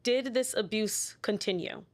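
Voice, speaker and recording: A woman's voice: medium pitch, a little slow. Attentive woman podcast host asking questions. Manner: attentive, frequent soft affirmations and probing questions. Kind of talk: interview.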